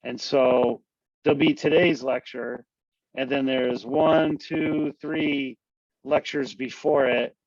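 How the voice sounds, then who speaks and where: A man's voice: mid-range voice, fairly even intonation, takes it slowly, no echo, muffled recording. A man lecturing a university class online in a casual, conversational way, often checking in with "right?" to his students. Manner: loose, conversational, full of tag questions.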